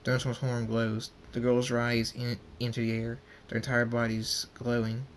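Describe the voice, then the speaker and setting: A man reading his own fan story aloud, halting and restarting often. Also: medium pitch, monotone, slight background noise.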